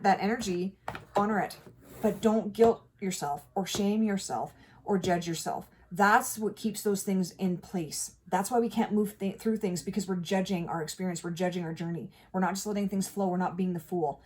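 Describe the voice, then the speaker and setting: A woman giving a casual tarot reading to camera, talking in an animated, emphatic way and swearing now and then. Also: medium pitch, moderate pace, breathy edge. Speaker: tarot reader.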